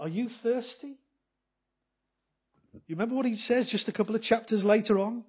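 A man delivers a sermon to his congregation, asking many rhetorical questions and alternating between loud, emphatic lines and soft, quiet ones. His voice is high-pitched and husky, moving at a moderate pace with long pauses.

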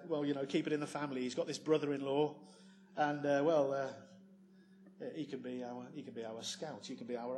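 A man preaching a sermon, full of tag questions and moving between loud emphasis and quiet asides. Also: on the high side, a little hiss or hum.

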